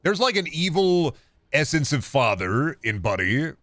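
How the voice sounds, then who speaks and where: A man from Iowa streaming a game, reading chat questions aloud and answering with offhand jokes and gruff mock-dad phrases. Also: on the high side, sing-song, unhurried, fairly bright tone, no echo, studio quality. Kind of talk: casual live-stream chat while gaming.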